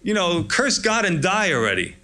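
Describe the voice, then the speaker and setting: A man's voice: high-pitched, big pitch swings, normal speed, sharp tone, pitched above the performer's own voice, full character voice. A man voicing a scornful, nagging wife who sounds exasperated.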